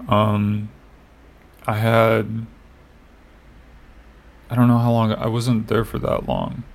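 A man chatting casually with a rough, gravelly edge to his voice. He tells a story in a loose, meandering way, padding his sentences with "like" and dropping in the odd curse. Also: lowish voice, little pitch movement, slow. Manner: rambling storyteller, heavy on "like" fillers, swears. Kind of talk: casual chat.

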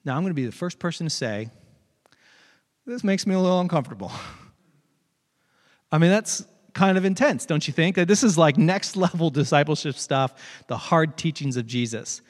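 A pastor delivering a conversational sermon, retelling a parable with animated asides. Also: male voice, on the high side, moderate pace, big-room sound. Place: church sanctuary.

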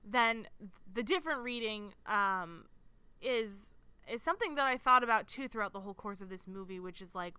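A woman co-hosts a casual podcast, working through her opinions step by step. Her voice is bright and crisp, and it sits close and dry with no room sound. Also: medium pitch, no echo. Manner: thoughtful, argues a point step by step. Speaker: podcast co-host. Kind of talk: casual chat.

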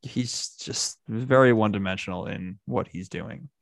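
A man's voice: lowish voice, normal speed, creaky, no echo, clean studio sound. A man hosting a casual football chat, rambling with restarts and laughing often.

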